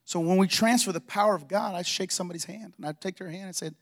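Male pastor, high voice, energetic preacher who acts out his stories. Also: fast talker. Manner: energetic storytelling, acting out dialogue. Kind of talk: sermon. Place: church.

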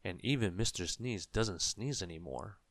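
A man reading a children's story aloud in a gentle, measured way. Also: low voice, dry recording.

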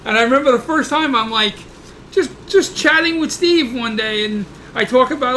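A man chatting casually, telling animated, jokey anecdotes. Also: extremely high pitch, moderate pace, slight background noise. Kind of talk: casual chat.

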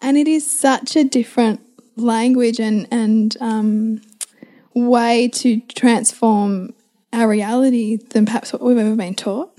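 A woman host with a slightly high voice and a mellow, dark tone. She speaks reflectively in a casual chat, affirming and expanding on ideas. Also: fairly even intonation, measured pace.

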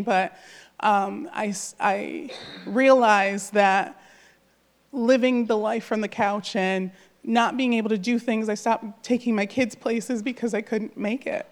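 Earnest woman sharing an emotional testimony. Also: a little high. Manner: earnest, heartfelt, many fillers. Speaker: church member sharing a testimony.

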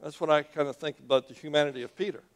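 A man preaching a sermon in a church, telling the story in an animated, conversational way and asking his audience questions. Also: fairly high pitch, rapid-fire.

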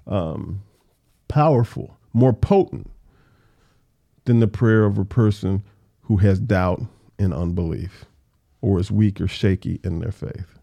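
A man teaching a casual Bible study, reading verses slowly and then explaining them in loose, conversational asides. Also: medium pitch, warm tone, dry recording, clean studio sound.

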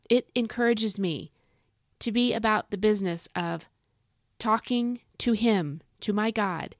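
A woman's voice: mid-range voice, unhurried, no echo, studio quality. Chatty middle-aged woman podcast host. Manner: chatty and playful, with emphatic repetitions and asides. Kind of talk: upbeat devotional podcast talk.

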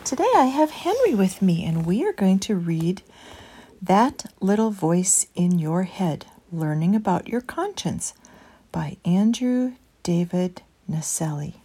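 A woman with a husky, mid-range voice reads from a children's picture book, taking it a little slowly and bringing an expressive storyteller's touch to the words.

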